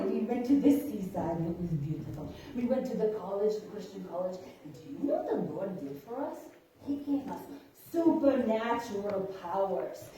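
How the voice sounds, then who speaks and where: A woman's voice: fairly high pitch, dark tone, a little hiss or hum. A woman telling a comic tall tale in a church skit, cooing to a puppy in baby talk between boasts. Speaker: church member performing a skit. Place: church hall. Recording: echoey church hall, distant mic.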